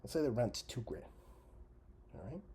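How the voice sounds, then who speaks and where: A man hosting a podcast, delivering a sarcastic, profane comedic rant that jumps from loud jabs to muttered asides. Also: mid-range voice, moderate pace, breathy edge. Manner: animated, sarcastic, heavy swearing, trails into mutters and whispers. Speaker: podcast host.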